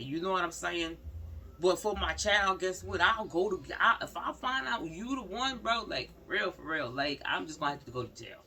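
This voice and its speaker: A woman's voice: lowish voice, animated, brisk, sharp tone. A woman giving casual commentary to her viewers, emphatic and repeating her points as she talks straight to the audience. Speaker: vlogger commenting on news. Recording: slightly distant mic with faint background noise.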